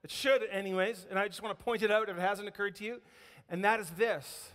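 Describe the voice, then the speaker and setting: High-voiced animated pastor in a reverberant church. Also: male voice, brisk. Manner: animated storytelling preaching, acting out quotes. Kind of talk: sermon. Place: church sanctuary.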